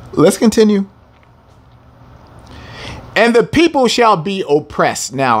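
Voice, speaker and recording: A man teaching a scripture lesson, speaking emphatically, repeating phrases for stress and addressing his listeners as family. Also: mid-range voice. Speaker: Bible teacher.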